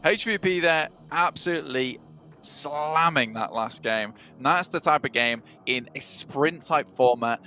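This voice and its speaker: A man's voice: on the high side, a little slow, pushed and bright. A man casting an esports match, chatty and leaning on fillers. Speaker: esports caster. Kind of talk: play-by-play commentary.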